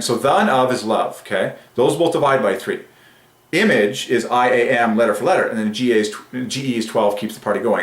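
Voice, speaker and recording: A man hosting his own religious channel, talking alone with great excitement and stretching out key phrases slowly for emphasis. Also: on the low side. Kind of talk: excited solo monologue on word numerology. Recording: roomy echo.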